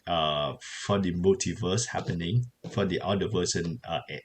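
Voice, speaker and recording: A man co-hosting a casual film podcast, halting with many fillers and short agreeing interjections. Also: low voice. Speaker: podcast co-host. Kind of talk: casual film review chat.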